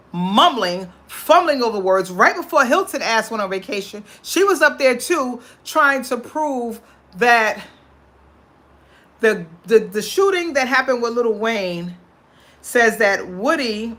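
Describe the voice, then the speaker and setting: A woman host giving casual, animated commentary on a court case, slipping into voices for the people she quotes. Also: medium pitch. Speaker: show host.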